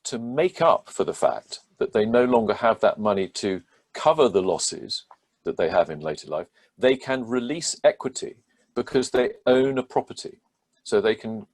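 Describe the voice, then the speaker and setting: A man, a barrister, explaining a court judgment in a measured, methodical way with frequent hesitations. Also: fairly low pitch. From England. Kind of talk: legal explainer talk.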